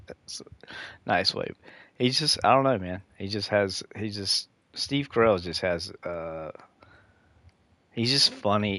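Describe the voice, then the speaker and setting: Rambling low-voiced male game streamer. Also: pushed and bright, no room sound. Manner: rambling, easily sidetracked storytelling; laughs at his own stories. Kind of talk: casual live-stream chat.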